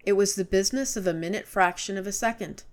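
A woman reading a classic story aloud as narrator, measured and storytelling. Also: medium pitch. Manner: measured, storytelling, rising to urgent shouts in dialogue.

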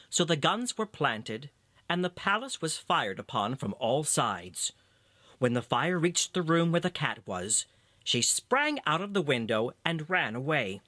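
A narrator reading a fairy tale aloud with expressive storytelling. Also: no room sound. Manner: expressive storytelling, varied in pitch.

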